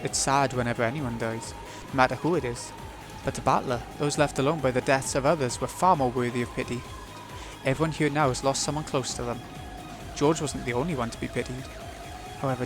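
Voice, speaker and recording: A man reading the narration of a visual novel aloud as a let's play, in a steady storytelling read. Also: medium pitch, a little fast, over music.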